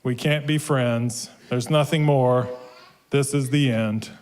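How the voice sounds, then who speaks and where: A man's voice: mid-range voice, steady tone, slow, a little mellow, clean tone, lightly acted. Man doing a perky little storybook mouse. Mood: curious, eager. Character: eager questioning little mouse.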